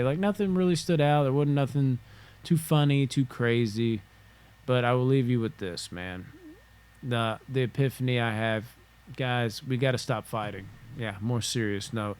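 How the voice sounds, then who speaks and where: A man's voice: medium pitch, smooth. A man hosting a solo podcast from home, rambling casually and swearing freely as he spitballs. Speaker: podcast host. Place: home room.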